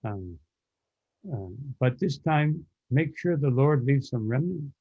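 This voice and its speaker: A man voicing a father who gently questions his young son. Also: medium pitch, expressive, slow pace, narrow, tinny audio. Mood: coaxing. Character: stern but gentle father, a doctor.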